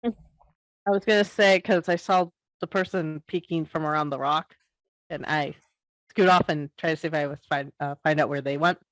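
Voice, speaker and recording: A woman with a fairly low voice talks as a player in a tabletop game. She makes lighthearted remarks. Her sound is dry and close, with no room around it. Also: fairly even intonation, moderate pace, fairly bright tone, no echo, rough recording. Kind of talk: casual tabletop play.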